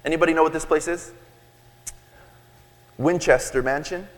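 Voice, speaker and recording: A man preaching a sermon, telling stories and acting out quoted lines with sudden shouts. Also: on the high side, moderate pace. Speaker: pastor. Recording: long hall reverb.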